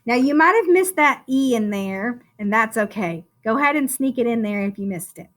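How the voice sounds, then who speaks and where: A woman teaching a phonics lesson to first graders, sounding out words slowly and encouraging the children in a sing-song teacher voice. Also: a little high, lively intonation, a bit bright. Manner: slow, drawn-out sounding out of words.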